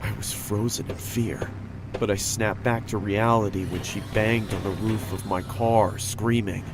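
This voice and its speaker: A man narrating a first-person horror story in a steady, scripted storytelling manner. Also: lowish voice, background noise. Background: music.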